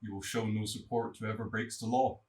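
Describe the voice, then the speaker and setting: An actor playing a stern male king who lays down the law, swinging from loud proclamations to cold, quiet threats in a stage-play delivery. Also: fairly low pitch, level tone, brisk, far from the mic, lightly acted.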